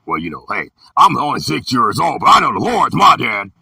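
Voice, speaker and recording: A man in his fifties telling a story in an emphatic, preachy way, sometimes shouting, with a gravelly, raspy voice. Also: on the high side, wildly swooping pitch, brisk, few pauses, no room sound. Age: 50s. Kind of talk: storytelling talk. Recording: dry and distant from the mic.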